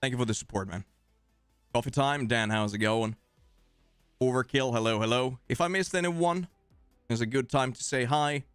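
A man's voice: mid-range voice, normal speed, pauses often, fairly bright tone, smooth, no room sound, soft background music. A man with a Swedish accent hosting a live game stream, casually joking and thanking viewers. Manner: jokey, rambling, thanking viewers. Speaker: streamer host.

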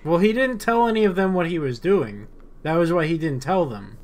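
A man's voice: on the high side, expressive, moderate pace, darkish tone. A man co-hosting a casual video game commentary, dry and wisecracking. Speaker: let's play co-host.

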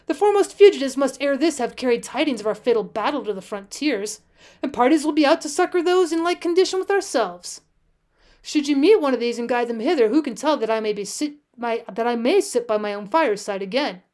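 A woman reads the part of a dying old frontier hunter, calm and firm, his old-fashioned pleading delivered solemnly. The voice sits high and light for the figure, read for a storybook. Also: brisk. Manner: solemn, pleading, archaic speech.

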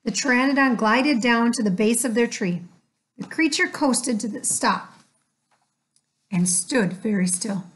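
Woman reading a kids chapter book, slow and sing-songy, voice a bit high. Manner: expressive, with voices for the characters. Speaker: audiobook narrator. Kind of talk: children's storybook narration.

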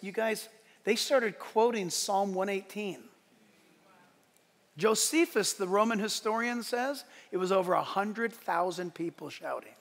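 A male pastor preaching a sermon in a church, animated and joking, acting out quotes as he goes. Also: sits high, a little slow, creaky, slightly rough, in a large hall. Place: church sanctuary.

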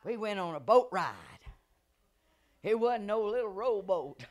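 A woman evangelist preaches. Her voice sits in a middle register, neither high nor low. She moves between loud, rousing shouts and quiet, hushed passages. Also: lively intonation, measured pace. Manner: dramatic preacher who swings from shouting to hushed. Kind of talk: sermon.

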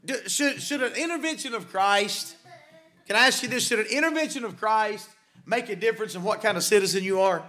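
A male pastor delivers a sermon from the pulpit of a church. His voice sits high and sounds bright and ringing. He preaches emphatically, with repeated phrases and rhetorical questions. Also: fast, soft background music. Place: church sanctuary.

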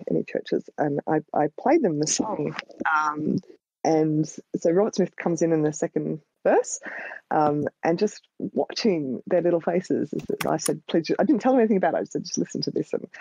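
A woman's voice: low-pitched, lively intonation, moderate pace, creaky, warm tone, slightly rough, dry recording. An Australian woman, a guest writer, chatting casually in a rambling, hesitant way full of ums, on a dull lo-fi recording. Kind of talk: casual chat. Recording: dull lo-fi sound.

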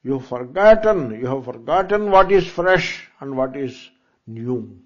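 A man's voice: mid-range voice, lively intonation, measured pace. A man with an Indian English accent, a spiritual teacher giving a conversational discourse that is full of rhetorical questions. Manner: conversational lecturing with rhetorical asks and Hindi asides. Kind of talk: Vedanta discourse. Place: lecture hall in front of students. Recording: dull lo-fi lecture recording.

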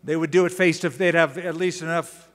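A male pastor teaching a sermon, moving between lively storytelling, casual asides and dramatic readings of scripture. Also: fairly high pitch, fairly quick. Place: large church sanctuary. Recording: long church-hall reverb.

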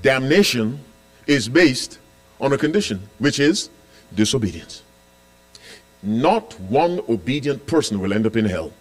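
This pastor's mid-range voice is sing-song and a little slow, with long pauses. Preaching his sermon, he quizzes the congregation, repeats key lines, and shifts between loud declarations and quiet asides.

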